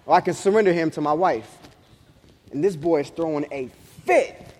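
A man in his thirties preaching a sermon as pastor, telling a story in animated street slang and acting out what people said. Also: on the high side, normal speed, a little hiss or hum. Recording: long reverb of a large hall.

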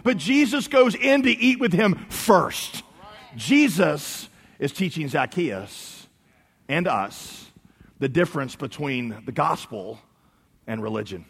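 A man preaching a sermon, swinging between soft low emphasis and loud, high outbursts. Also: lively intonation, slow, gravelly, husky, in a large hall. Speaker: pastor.

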